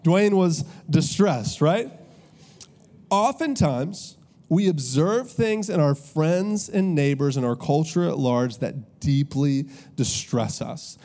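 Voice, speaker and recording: With a mellow, fairly high-pitched voice, the male pastor shapes his sermon around storytelling, breaking off now and then for relaxed comments to the audience.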